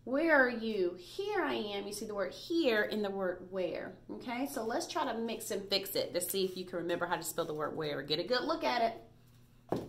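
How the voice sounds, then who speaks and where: A woman's voice: mid-range voice, animated, moderate pace. A woman teaching a recorded reading lesson to first graders, patient and praising as she spells out letters.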